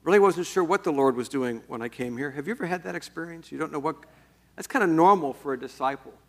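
A man's voice: fairly high pitch, fast talker. A middle-aged male pastor giving a folksy, conversational sermon with small fillers and restarts.

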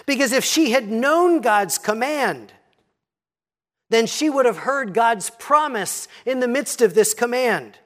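A pastor preaching a sermon, teaching in a measured tone and reading scripture aloud. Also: medium pitch, animated.

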